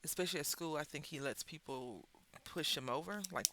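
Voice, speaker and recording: A woman hosting a crafting video, telling a story in a chatty, animated way with wry asides while she works at her craft table. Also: low voice, brisk, noisy background. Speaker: craft channel host.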